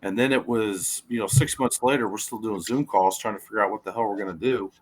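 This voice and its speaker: A man from a cigar company, explaining things in a relaxed way during a casual chat. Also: fairly low pitch, brisk, rough recording.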